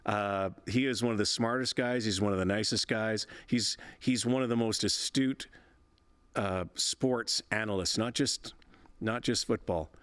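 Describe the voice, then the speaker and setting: A man's voice: lowish voice, unhurried, a bit bright, clear, resonant tone, no room sound. A man in his sixties, a veteran broadcaster and interview guest, telling stories in a chatty, rambling way with frequent laughs and restarts. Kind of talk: casual interview storytelling.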